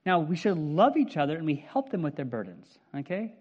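A man in his fifties preaching a sermon in a conversational, animated way, often checking in with "right?". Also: a little high, a little fast, highs cut off. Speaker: pastor.

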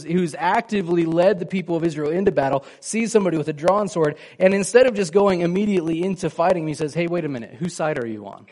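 A man's voice: sits high, darkish tone. Man preaching a conversational sermon. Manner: conversational, asks the congregation questions, acts out quoted lines. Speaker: pastor.

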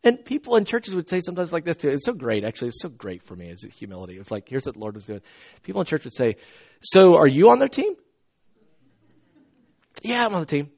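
A man preaching a sermon, telling personal stories with animated swings from loud to hushed. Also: a little high, fast talker, gravelly, highs cut off.

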